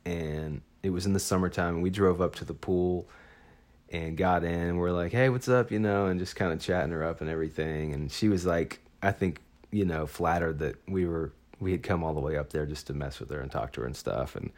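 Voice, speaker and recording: A man's voice: deep voice, fairly even intonation, brisk, darkish tone. A man telling a personal story in a casual, chatty way, full of enthusiasm and words like "awesome.".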